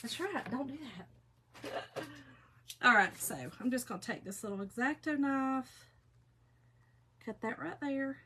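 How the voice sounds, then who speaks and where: A woman's voice: sits high, takes it slowly, long pauses, bright, forceful tone, a little hiss or hum. Chatty woman crafting live. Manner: chatty, folksy, talks straight to viewers. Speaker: craft livestream host. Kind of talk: casual craft livestream chat.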